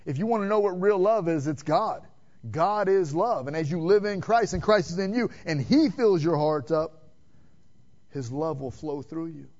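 A man's voice: fairly high pitch, animated, normal speed. Fervent man preaching, dull lo-fi sound. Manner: swings between loud emphatic questions and hushed quiet passages; direct, addresses listeners with "man" and rhetorical questions. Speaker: pastor. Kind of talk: sermon. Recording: dull lo-fi sermon recording.

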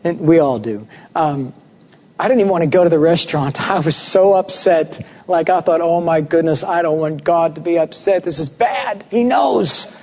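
A man preaching a sermon, telling a personal story with animated voices for the people in it. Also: a little high, moderate pace. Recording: muffled recording with long hall reverb.

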